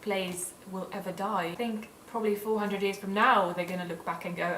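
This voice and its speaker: A woman's voice: mid-range voice, fairly even intonation, normal speed, hardly any pauses, a bit bright, reverberant, far from the mic, a little hiss or hum, poor audio. A young woman from Sweden vlogging in a casual, gushing and earnest way. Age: young adult. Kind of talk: casual vlog talk.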